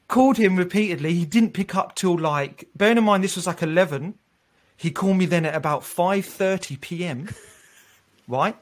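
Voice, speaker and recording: A man working as a recruiter, casually telling funny stories in an interview, animated and laughing, with frequent restarts. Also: sits high, moderate pace.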